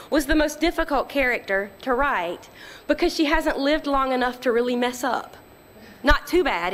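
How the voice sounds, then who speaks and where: A woman's voice: high-pitched, fairly bright tone. Woman author reading her own novel. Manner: conversational, explains plainly before reading.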